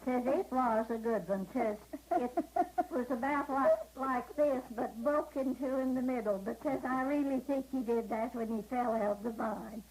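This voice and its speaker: A woman's voice: on the high side, normal speed, a little mellow, slightly rough, rough recording. An older woman telling folksy anecdotes in a drawling manner at home, laughing at her own punchlines. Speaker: storyteller. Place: living room of a home.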